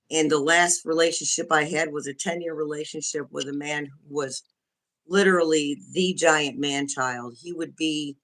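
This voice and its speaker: Woman guest, video call, bright sharp tone, frank, open, restarts a lot. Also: low-pitched. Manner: candid, frank, restarts often. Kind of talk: casual livestream chat.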